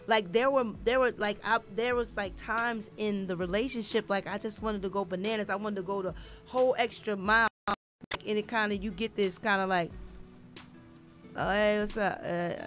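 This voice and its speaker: A woman's voice: medium pitch, fairly even intonation, a little fast, a bit bright, faint music behind. A woman hosting a talk show, talking casually and searching for words, with many restarts. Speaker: show host.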